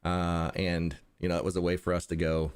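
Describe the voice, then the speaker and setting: Rambling lowish-voiced man. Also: monotone, clean tone. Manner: rambling, halting restarts, dry humor. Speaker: interview guest, content creator. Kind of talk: casual conversation.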